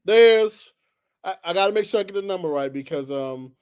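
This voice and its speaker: Man, high-pitched voice, solo sports commentary, heated and exasperated, loud bursts then low muttering. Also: animated, normal speed, clean tone. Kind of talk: animated solo sports talk.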